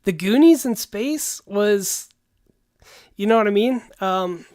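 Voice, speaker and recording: A man's voice: high-pitched, expressive, takes it slowly, darkish tone. A man hosting a livestream who talks in a casual, rambling way and calls people "dude". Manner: laid-back, rambling, says "dude" often. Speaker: livestream host.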